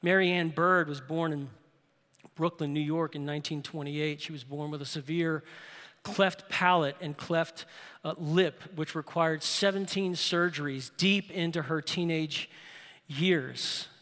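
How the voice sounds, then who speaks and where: A man preaching a sermon, telling stories and dropping low and slow for emphasis, then rising loud when he exhorts. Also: steady tone, in a large hall. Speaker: pastor.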